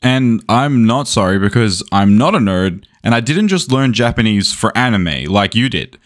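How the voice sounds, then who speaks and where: A man's voice: on the low side, expressive, normal speed. A young man commenting on a debate, arguing point by point in a lecturing, argumentative way. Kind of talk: debate rebuttal.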